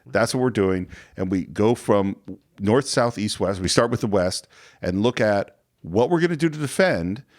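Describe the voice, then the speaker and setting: Male film podcast co-host, expressive and bouncy, chatty scene-by-scene recap. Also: on the low side. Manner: animated retelling of scenes, acting out lines in quick voices. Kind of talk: casual film discussion. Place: podcast studio.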